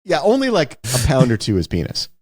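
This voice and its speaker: A man's voice: medium pitch, wildly swooping pitch, a little fast, husky, dry recording, clean studio sound. A man co-hosting a podcast, chatting casually about a movie in an emphatic, wry way and repeating his points. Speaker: podcast co-host.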